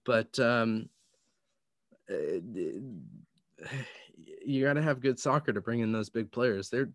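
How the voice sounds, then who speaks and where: A young man in casual chat, measured and hedging, with lots of ums and you-knows. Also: mid-range voice, expressive, no echo, clean studio sound.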